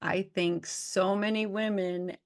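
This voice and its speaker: A woman's voice: mid-range voice, fairly even intonation, slow pace. A woman doctor hosting an interview, chatting in an emphatic, agreeing way. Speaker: host, doctor. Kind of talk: casual interview chat.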